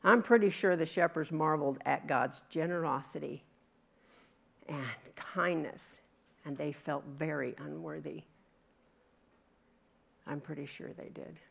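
A woman's voice: low-pitched, slow, gravelly, long pauses. A middle-aged woman preaching a Christmas sermon, reading scripture aloud and dramatically acting out people's reactions. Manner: animated, dramatic, acts out reactions.

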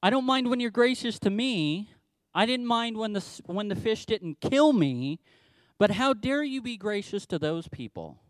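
A man playing an indignant prophet, pitched up and grumbling, petulant and theatrical. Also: lively intonation, moderate pace, no echo. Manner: whiny, exasperated complaining. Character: indignant grudging male prophet, sulky and theatrical.

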